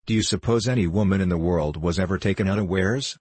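A man reading the lines of a proud, aloof young woman in a storybook, in a cool, gently reproving manner. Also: deep voice, fast talker, breathy edge, no echo.

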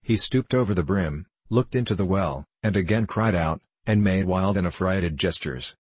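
A man reading an audiobook as a young male prisoner recounting his boyhood, in a measured, even storytelling manner. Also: sits low, breathy edge, no room sound. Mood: grave.

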